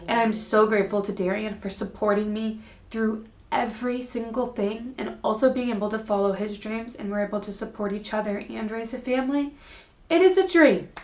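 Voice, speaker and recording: A woman's voice: fairly high pitch, reverberant. A young woman and mom talking tearfully and earnestly to her viewers in a personal vlog, her voice wavering as she holds back tears. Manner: heartfelt and earnest, speaks directly to viewers. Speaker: fitness creator and mom. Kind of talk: emotional personal vlog to camera.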